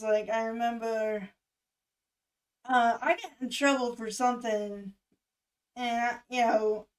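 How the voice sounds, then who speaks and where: A young woman in her twenties talking candidly and emotionally in a casual vlog, swearing freely and pausing with fillers. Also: on the high side, recorded from a distance, low-quality recording. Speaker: music reaction vlogger. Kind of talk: casual chat.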